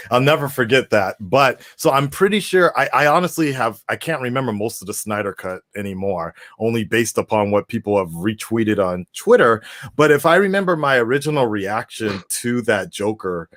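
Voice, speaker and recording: A man's voice: mid-range voice, lively intonation, moderate pace, a bit bright. A man hosting a call-in discussion, talking casually, rambling and swearing with laughing asides. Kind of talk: casual chat.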